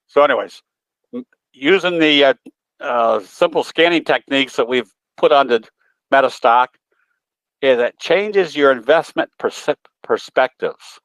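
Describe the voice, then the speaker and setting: A man's voice: medium pitch, fairly bright tone, no room sound, low-quality recording. A man presenting in a webinar, talking in a folksy, rambling way with many filler sounds. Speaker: guest presenter, trading educator. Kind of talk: webinar talk with a folksy anecdote.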